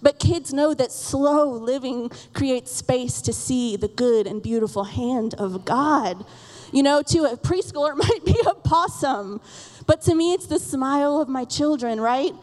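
A woman in her thirties delivers a sermon on a stage mic. Her voice sits high, and the sound carries a long church-hall reverb. She talks candidly and with self-deprecating humor, breaking into laughs now and then. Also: measured pace, darkish tone. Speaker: pastor. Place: church auditorium.

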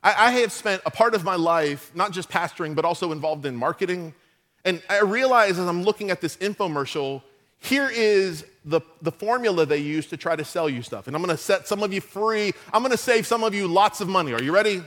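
A middle-aged pastor with a high-pitched voice preaches a little fast, telling funny stories and tossing lively asides to the congregation.

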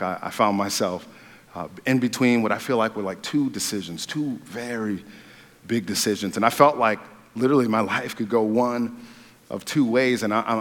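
A man preaching a sermon as pastor, talking conversationally with restarts and growing animated when he retells a story. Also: medium pitch. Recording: long hall reverb.

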